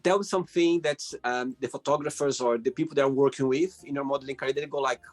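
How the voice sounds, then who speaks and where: A man hosts an interview over a call. He asks his questions in a slightly high voice and gropes for words, filling gaps with ums. Light music sits under him. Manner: slow, searching phrasing with fillers. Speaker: host.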